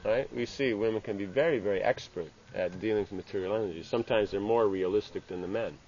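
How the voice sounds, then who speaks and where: A man giving an informal scripture class. He speaks haltingly, restarting phrases and tagging lines with "you know". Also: lowish voice, a little mellow. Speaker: religious teacher. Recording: dull lo-fi with faint ambient hiss.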